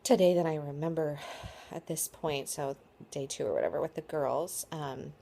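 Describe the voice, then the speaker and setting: A woman's voice: low voice, normal speed, vocal fry, mellow, slight background noise. A tired woman in her thirties casually telling a birth story to camera, rambling with lots of likes and ums. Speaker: vlogger.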